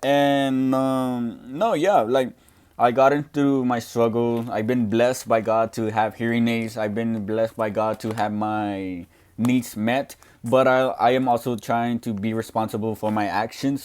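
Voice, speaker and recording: A young deaf man speaking loudly and earnestly in a casual question-and-answer talk, with frequent restarts. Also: medium pitch. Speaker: student podcaster answering questions.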